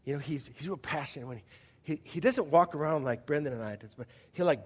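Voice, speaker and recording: A man's voice: a little high, brisk, breathy edge, big-room sound. A man pastor preaching a sermon in a conversational way, often asking the audience questions and restarting his sentences.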